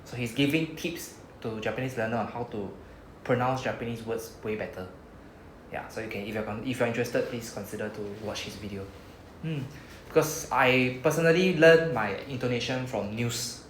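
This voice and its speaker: A man's voice: mid-range voice, normal speed, slight background noise. Singaporean man teaching in a roomy room. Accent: Singaporean English. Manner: chatty, drawls out sounds when modelling words. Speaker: Japanese language teacher. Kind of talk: casual classroom teaching.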